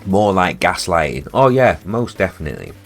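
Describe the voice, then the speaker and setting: Guy on a stream, real low voice, heated and sweary, faint music behind. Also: sing-song, moderate pace. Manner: heated, swearing, repeats himself. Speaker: music producer streaming live. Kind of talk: casual livestream rant. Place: home studio.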